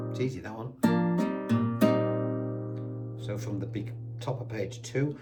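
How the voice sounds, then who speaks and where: A man's voice: fairly low pitch, unhurried, pauses often. Chatty man teaching guitar. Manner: chatty, reassuring, counts beats aloud while playing. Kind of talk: guitar lesson with counting. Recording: guitar playing loudly behind the voice.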